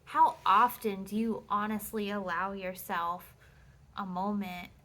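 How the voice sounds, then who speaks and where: A woman reads tarot at home in a loose, casual monologue. She is blunt and emphatic and swears freely, and now and then she reads card texts aloud. Her voice sits at a middling pitch. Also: fairly even intonation, a little slow, sharp tone. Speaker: tarot reader.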